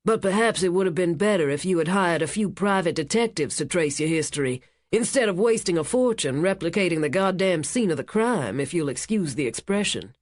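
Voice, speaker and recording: A narrator voicing a skeptical scientist, a man with a soft American accent who talks slowly and condescendingly. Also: mid-range voice, animated, no room sound, studio quality, close to an everyday voice.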